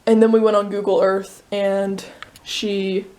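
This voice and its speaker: A woman's voice: mid-range voice, little pitch movement, a little slow, warm tone. A woman vlogger chatting casually, telling a story with lots of fillers. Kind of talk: casual chat.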